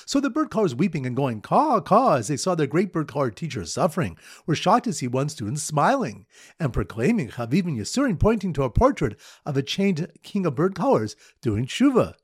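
A man gives a daily Talmud lesson, telling playful memory stories and quizzing his listeners. His voice sits fairly high and swings widely in pitch with a husky, breathy edge. The sound is dry and close, with no room echo. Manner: lively storyteller who repeats his memory stories. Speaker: Talmud teacher.

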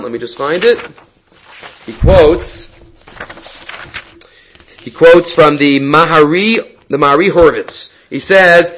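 A man teaching a daily Talmud class, reading lines aloud and explaining them with lively rhetorical questions and frequent restarts. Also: on the high side.

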